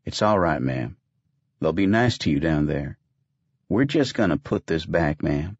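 A jittery ranch foreman drawls his way around hard questions in a deep, low voice, as a male narrator puts him on. The audiobook sound is dull and dry, like a small booth. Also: lively intonation, unhurried, slightly rough, no echo, exaggerated voice. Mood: coaxing. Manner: folksy drawl, ungrammatical country talk. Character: panicky rustic ranch foreman, nervous and evasive.

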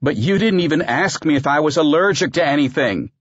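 A man voicing a disoriented, foul-mouthed older woman with shrill, indignant outbursts. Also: lively intonation, a little slow, slightly rough, no room sound, dull audio. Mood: outraged.

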